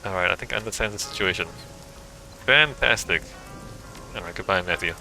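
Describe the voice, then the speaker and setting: A man's voice: low-pitched, a little fast, creaky, over music, rough recording. A man playing through a video game, reading its text aloud and adding dry, amused asides. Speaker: game streamer.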